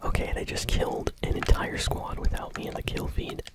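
A gaming channel host whispers ASMR gameplay commentary close to the microphone in an unvoiced, breathy tone while chewing bubblegum. Relaxed and unhurried, they pause on small "uh"s between thoughts.

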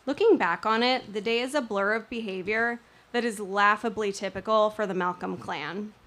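A woman's voice: mid-range voice, normal speed, a bit bright. A young woman telling a personal story on stage, with wry, self-mocking humor.

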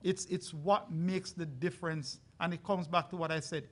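A man speaking as a resort brand representative on a live panel, making an earnest, persuasive sales pitch. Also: steady tone, normal speed, fairly bright tone. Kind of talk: panel discussion.

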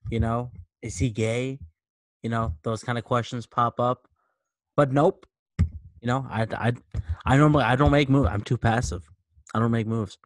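A man's voice: medium pitch, fairly even intonation, normal speed, long pauses, dry recording. A young man co-hosting a podcast, asking questions in a casual, hesitant way with many fillers. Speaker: podcast co-host. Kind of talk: casual chat.

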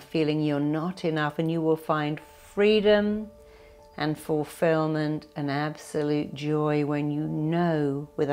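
A woman with a lowish voice gives an earnest motivational talk built on personal stories. She slows down to stress her points. Faint music plays behind her. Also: darkish tone. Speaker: therapist and motivational speaker.

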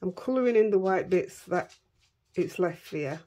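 A woman's voice: lowish voice, expressive, normal speed, mellow. A middle-aged woman with a Yorkshire accent chatting casually as she crafts, talking to herself and her dogs as she works. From Yorkshire, England. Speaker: craft vlogger.

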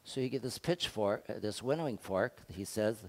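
An older man preaching a sermon as pastor, conversational, asking the congregation rhetorical questions and swinging between loud and soft. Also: on the low side, expressive, normal speed, few pauses.

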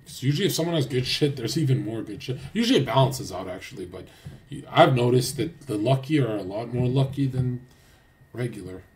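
A man's voice: mid-range voice, lively intonation, fairly quick, darkish tone, a little hiss or hum. A man livestreaming a casual rant, crude and boastful, swearing often and rambling loosely with restarts. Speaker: streamer.

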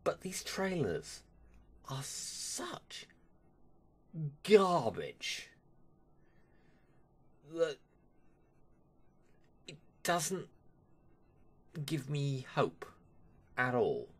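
A man talks straight to his audience in a casual opinion vlog, grumbling and dismissive. He speaks slowly, his pitch swinging widely, and keeps trailing off with a sigh. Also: sing-song, a bit bright, slightly rough. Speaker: vlogger.

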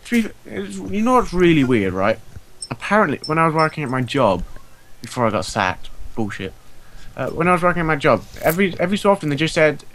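A man's voice: on the high side, sing-song, fast, fairly bright tone, slight background noise. A young British man with a British English accent co-hosting a game let's play, rambling and swearing in casual chat. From Britain. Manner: rambling, swears, restarts often.

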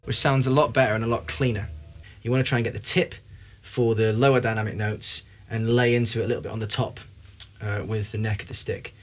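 A man's voice: lowish voice, little pitch movement, fairly quick, soft background music. A young man giving a casual, upbeat drum lesson, talking between demonstrations at the kit. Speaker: drum teacher. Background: drum kit playing.

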